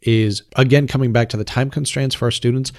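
Measured male podcast host. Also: medium pitch, fairly even intonation, darkish tone, dry recording, clean studio sound. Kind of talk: podcast hosting and conversation.

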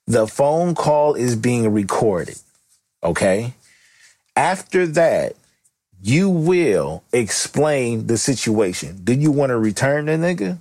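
A man's voice: mid-range voice, sing-song, slow, a little mellow, no echo. A middle-aged man hosting a podcast, talking in a joking, rambling, blunt way with lots of slang. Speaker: podcast host. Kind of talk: casual comedic monologue.

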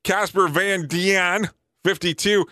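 A man around forty hosting a casual show, reading lists quickly and breaking in with surprised, joking asides. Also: high voice, fairly even intonation, sharp tone, no echo. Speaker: show host.

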